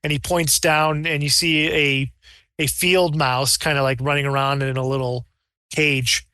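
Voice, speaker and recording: Bright-voiced man running a tabletop game. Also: fairly high pitch, unhurried, smooth, no echo, clean studio sound. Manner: rambling, animated, breaks into character voices. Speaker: game master.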